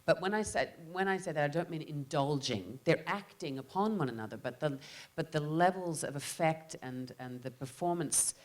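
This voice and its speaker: A woman's voice: low-pitched, normal speed, few pauses. A woman actor answering panel questions in a reflective way, often restarting and repeating words.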